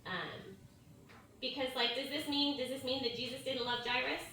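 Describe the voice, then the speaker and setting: In her conversational sermon, this thirtysomething mother and youth ministry speaker shares a personal story, often saying "like" and "right?" She speaks in a high, sharp voice at a moderate pace, recorded distantly in an echoey hall with faint ambience and slight background noise.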